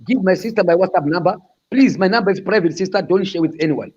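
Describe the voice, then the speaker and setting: A man calling in with a raspy voice, ranting in a boisterous way and repeating boastful slogans. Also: sits high, fast talker, darkish tone, a little hiss or hum. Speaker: caller. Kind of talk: impassioned call-in rant. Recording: dull lo-fi call audio.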